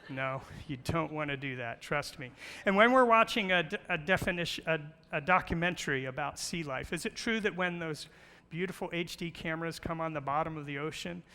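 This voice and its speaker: A man's voice: on the high side, brisk, hardly any pauses, pushed and bright, clean tone. A middle-aged man giving a playful church talk, asking questions and telling jokes. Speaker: guest speaker on creation. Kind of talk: church presentation with slides. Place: large church hall. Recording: long hall reverb.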